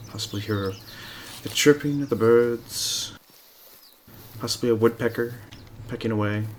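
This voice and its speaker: A man's voice: medium pitch, unhurried, a little hiss or hum. A man streaming a hunting game live, giving casual gameplay commentary with rambling, self-mocking asides.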